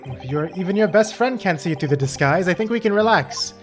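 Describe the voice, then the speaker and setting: A man voicing a courteous middle-aged professor speaking formally and fatherly to his daughter, in a high register for a man. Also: expressive, brisk, soft background music. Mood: reassuring.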